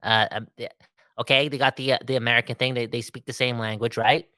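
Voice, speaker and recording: A man co-hosting a casual sports podcast, jumping around in pitch and cracking jokes. His voice is bright and a bit pressed. The sound is close and dry, with no room around it. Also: fast talker, no echo. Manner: animated, joking, with many fillers and restarts. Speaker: podcast co-host.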